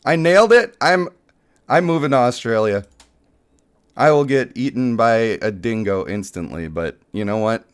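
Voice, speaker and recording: A man's voice: medium pitch, normal speed, clean tone. A young man hosting a live mobile game stream, joking and hyping up his pulls for chat. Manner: playful, excitable, joking with chat.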